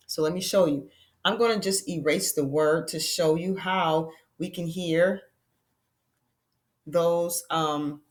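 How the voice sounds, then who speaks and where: Patient and encouraging, a woman teaches a class of young children she calls her friends, slowing down to spell out each sound. Her pitch is fairly low.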